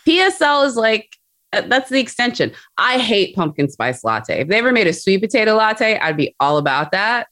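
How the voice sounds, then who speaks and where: A woman's voice: mid-range voice, big pitch swings, normal speed, a bit bright, dry recording. A woman co-hosting a podcast, teasing and chatting in a bubbly way with lots of fillers. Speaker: podcast co-host. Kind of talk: casual podcast chat.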